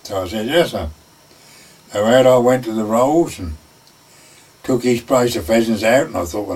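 A man's voice: mid-range voice, a little mellow. An older man, a former gamekeeper, telling a folksy anecdote and acting out the voices of the people in it. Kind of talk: oral history storytelling. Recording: voice picked up from a distance.

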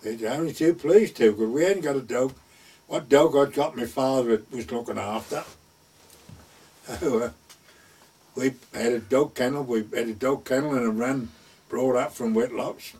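A man's voice: medium pitch, moderate pace, a little mellow, husky, far from the mic. An older man casually reminiscing in a rambling retelling, repeating "I said" and "he said.". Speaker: storyteller.

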